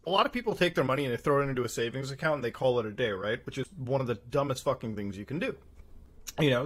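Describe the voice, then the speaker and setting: A man in his twenties in a casual podcast chat, telling a story with lots of swearing and acting out the exchanges he quotes. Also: medium pitch. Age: 20s. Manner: animated, profane storytelling, acts out quoted exchanges. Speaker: podcast co-host.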